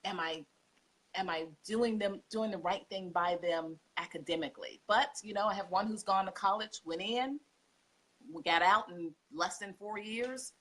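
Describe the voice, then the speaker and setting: Homeschool mom guest, forties, husky, emotional storyteller. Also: female voice, medium pitch. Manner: heartfelt, tearful, expressive storytelling. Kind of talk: emotional podcast interview.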